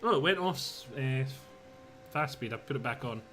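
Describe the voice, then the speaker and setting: A man's voice: medium pitch, animated, moderate pace, fairly bright tone, faint music behind. A man streaming a co-op game, chatting easily with a friend and laughing readily. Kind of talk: casual gaming chat.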